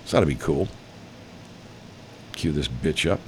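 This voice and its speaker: A man's voice: a bass voice, a little slow, slight background noise. A middle-aged man in a rambling, profane, casual reaction vlog, mocking himself as he goes.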